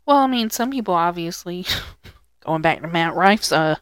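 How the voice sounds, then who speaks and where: A woman's voice: lowish voice, animated, normal speed, clean tone, no echo, clean studio sound. A woman co-hosting a podcast in casual chat, teasing and laid-back. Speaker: podcast co-host.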